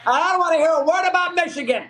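Man, high voice, excitable, shouting, rapid sports debate. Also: crowd noise, low-quality recording. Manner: excitable, fast, shouting rants. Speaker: guest commentator.

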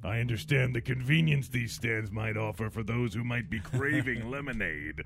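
A man voicing a petty, sinister neighbor in a low, mock-formal tone. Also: normal speed, creaky, fairly bright tone. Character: sinister petty male neighbor scolding kids.

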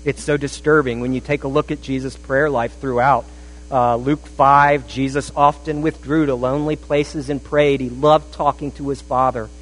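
A pastor preaching a sermon, shifting between rising emphasis and a hushed, intense delivery. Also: male voice, medium pitch, fairly even intonation, normal speed, rough recording. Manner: dramatic, drops to a hushed intensity.

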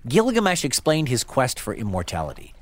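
A man narrating a myth as a story, in an expressive, dramatic way. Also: mid-range voice, a little fast. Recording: dry close sound with faint music.

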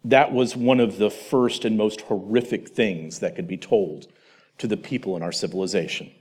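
A man giving a Christian teaching presentation, telling a story straight to the listener in an animated way. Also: on the low side, normal speed, slightly rough.

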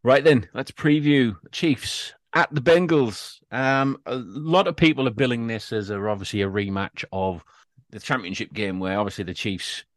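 A man's voice: medium pitch, moderate pace, no room sound. English guy hosting a sports podcast, laid back, bit teasing, dry mic. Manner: easygoing, teasing, steers the show along. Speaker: podcast host. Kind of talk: casual sports chat.

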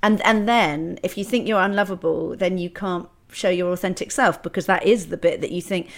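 A middle-aged woman speaks openly on a podcast, working through her thoughts with frequent restarts. Her voice sits slightly low. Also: fairly even intonation, a little fast. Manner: candid, reflective, many restarts. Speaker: podcast host. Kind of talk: casual conversation.

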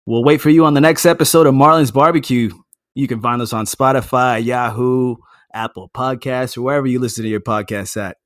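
A man hosting a podcast, wrapping up with excitable, upbeat patter. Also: mid-range voice, a little fast, no echo, clean studio sound. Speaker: podcast host. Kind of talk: casual podcast chat.

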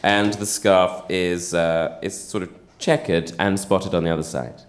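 A man's voice: low voice, fairly even intonation, unhurried, echoey room, noisy background. A man performing stand-up, telling a playful, digressive story in a theatrical way. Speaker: stand-up comedian.

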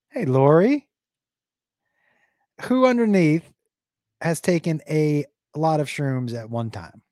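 A male comedian spins a rowdy stand-up story, swearing as he goes. His voice jumps all over the place, loud one moment and hushed the next. The sound is dry and close. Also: fairly high pitch, slow, long pauses, no room sound. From Texas. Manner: animated, profane, swings loud and quiet. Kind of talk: crowd-work stand-up storytelling.

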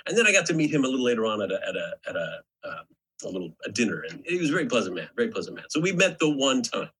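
A man's voice: mid-range voice, very animated, very fast, fairly bright tone, breathy edge, low-quality recording. A middle-aged man from Alberta, Canada, hosting a podcast and telling rambling anecdotes in casual chat. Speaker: podcast host.

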